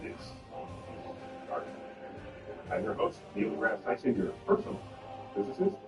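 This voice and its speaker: A man's voice: fairly low pitch, big pitch swings, normal speed. A male host in a casual chat, joking and playful as he leads the show. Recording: distant echoey lo-fi audio with music.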